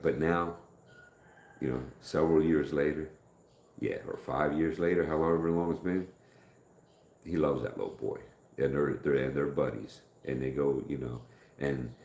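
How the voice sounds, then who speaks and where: A man's voice: a bass voice, mellow. A middle-aged man from the United States hosting a live stream, rambling through stories in casual chat and acting out quoted dialogue. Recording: echoey room.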